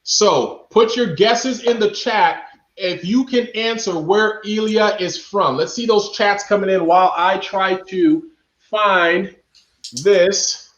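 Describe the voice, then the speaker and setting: High-voiced man hosting a live game show. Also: slow, a bit bright. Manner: playful, repeats questions to the chat. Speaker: show host. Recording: echoey room, dull lo-fi sound.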